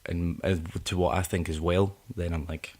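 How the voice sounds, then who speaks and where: A man's voice: low voice, little pitch movement, moderate pace, a little mellow. A Scottish man with a Scottish accent, a singer-songwriter guest chatting casually in a rambling, laid-back way. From Scotland. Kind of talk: casual chat.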